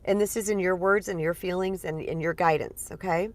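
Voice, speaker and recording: A woman in her forties, a spiritual empowerment coach, talking casually to her audience in an earnest, lively way with many fillers. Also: lowish voice, fairly quick. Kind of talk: casual teaching monologue.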